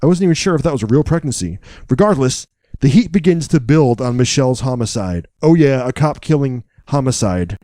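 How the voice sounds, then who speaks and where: A man co-hosting a podcast, recapping a film in a casual, wry, joking way with deadpan asides. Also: mid-range voice, a little fast, no echo, studio quality.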